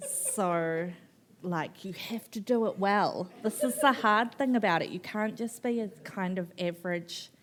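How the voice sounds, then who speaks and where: A woman, an author telling a personal story in an on-stage conversation, candid and animated, swearing freely and acting out what people said. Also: mid-range voice, a little slow. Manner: candid, animated, swears, laughs often, acts out quotes. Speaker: author guest at a book festival.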